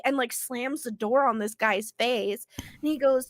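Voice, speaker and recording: A woman's voice: high-pitched, normal speed, no room sound, clean studio sound. A woman co-hosting a casual podcast, telling a story with lots of animation and casual swearing, her voice congested from illness. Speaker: co-host.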